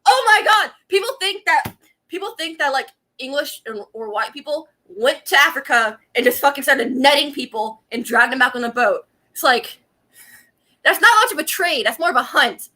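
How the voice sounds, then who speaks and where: A woman's voice: high-pitched, animated, normal speed, bright, forceful tone. A young woman, ranting angrily and profanely on a casual laptop livestream at home, laughing often. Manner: angry profane rant with frequent laughs. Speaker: vlogger. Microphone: laptop webcam.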